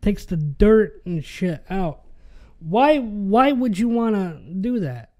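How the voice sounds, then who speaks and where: A young man hosts a podcast, speaking slowly in a high, animated, slightly mellow voice. He rants in an exasperated way, swearing and tripping over his words.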